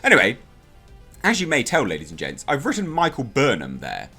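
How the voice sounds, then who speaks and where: A man's voice: fairly high pitch, huge pitch swings, moderate pace, long pauses, a bit bright, faint music behind. Exasperated man ranting. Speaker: TV episode reviewer. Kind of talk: casual spoken review.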